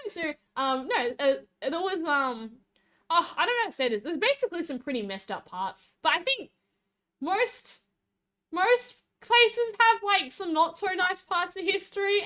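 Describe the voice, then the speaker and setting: Chatty Australian woman, high voice, rambling live-stream host who laughs often. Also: fairly bright tone. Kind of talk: casual live-stream chat.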